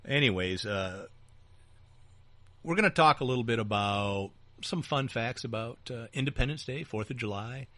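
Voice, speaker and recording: A man's voice: medium pitch, animated, normal speed, bright, forceful tone, no echo. A man co-hosting a casual political talk show, joking and teasing his partner, with frequent fillers and restarts. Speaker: podcast co-host. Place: small back-room studio.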